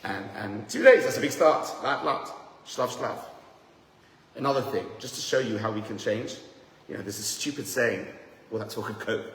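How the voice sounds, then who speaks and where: A man giving a lively, joking seminar talk as a rabbi, teasing himself and the audience. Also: medium pitch, normal speed. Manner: animated, joking, self-deprecating. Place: room with a live audience. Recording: echoey hall, faint noise.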